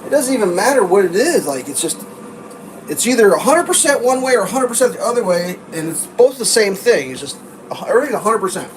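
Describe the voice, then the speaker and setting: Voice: mid-range voice, sing-song, fast talker, recorded from a distance, low-quality recording. A live streamer ranting in a profane, sarcastic, exasperated way during a casual live stream. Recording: clear background noise.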